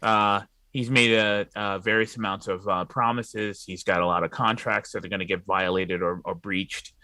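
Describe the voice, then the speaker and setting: Blunt low-voiced co-host, a man. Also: fairly even intonation, moderate pace, pushed and bright, no echo. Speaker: podcast co-host. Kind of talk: casual pop culture chat.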